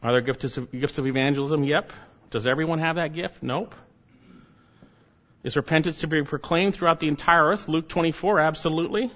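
A man preaching a sermon as a pastor, emphatic, firing off rhetorical questions and letting his closing words fall soft and low. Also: brisk. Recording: slightly dull lo-fi sound.

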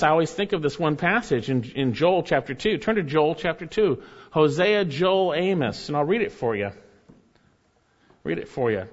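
A man preaching a sermon and reading scripture aloud, his voice rising and falling expressively. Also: high voice. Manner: expressive preaching, reads scripture aloud with wide swings in loudness. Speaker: pastor. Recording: dull lo-fi recording.

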